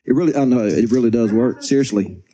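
A man's voice: medium pitch, quick pace, highs cut off, crowd noise. A man hosting a podcast in casual, rambling, joking chat. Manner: rambling, joking, trails off mid-sentence. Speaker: podcast host.

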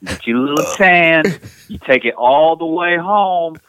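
A man's voice: a little high, animated, measured pace. A man voicing a cocky, fight-ready young tough guy from New Jersey, with a put-on New Jersey accent and a cackling laugh. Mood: boastful. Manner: boastful, cackling between lines. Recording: loud background noise.

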